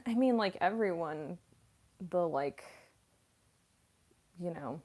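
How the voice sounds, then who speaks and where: A woman in her mid-twenties chatting casually on a livestream, soft-spoken and rambling, with lots of fillers and little giggles. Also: lowish voice, animated, drawn-out words. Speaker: voice actress streamer. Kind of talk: casual livestream chat reading comments.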